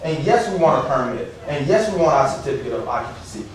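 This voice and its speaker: A man's voice: mid-range voice, sing-song, fast, hardly any pauses. A man, a pastor speaking out with passion and indignation at a council meeting. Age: 30s. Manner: impassioned, rising to pleading and indignant. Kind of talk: public comment at council meeting. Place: council chamber. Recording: echoey room from far off with faint noise.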